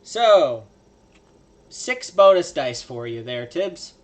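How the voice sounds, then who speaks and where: A man's voice: a little high, big pitch swings, slow. A man playing a tabletop game, joking and walking through dice bonuses. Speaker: player. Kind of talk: casual tabletop game chat.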